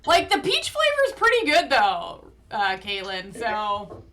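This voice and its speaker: A woman's voice: a little high, wildly swooping pitch, takes it slowly, bright, forceful tone. A young woman from Canada with a slight lisp, co-hosting a live stream and chatting casually while reading the chat aloud. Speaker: streamer co-host. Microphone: streaming mic.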